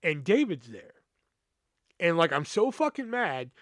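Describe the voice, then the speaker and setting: A man's voice: fairly high pitch, big pitch swings, unhurried, fairly bright tone, dry recording, clean studio sound. A man hosting a podcast, telling a personal work story in a heated, profane way, full of fillers. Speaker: podcast host.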